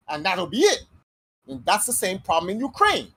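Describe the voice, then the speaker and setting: An American man hosting a casual podcast monologue, talking in slangy, animated speech and acting out quoted voices. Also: high voice, moderate pace, breathy edge, rough recording. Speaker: podcast host.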